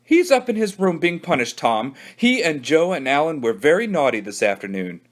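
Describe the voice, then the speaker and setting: Man reading as a patient storybook mom, matter-of-fact, lively voice. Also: on the high side, normal speed. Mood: calm. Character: patient grown-up mother.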